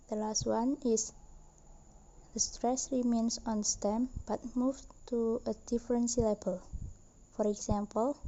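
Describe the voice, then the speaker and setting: A young woman student slowly reading a class presentation with careful, deliberate delivery. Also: a little high, mellow, lo-fi sound. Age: young adult.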